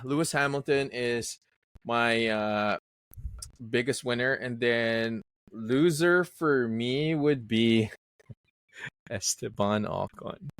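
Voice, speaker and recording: A man co-hosting a casual podcast chat talks emphatically, making bold predictions and using frequent fillers. His voice is medium-pitched, a bit bright, clear and resonant, with no room sound.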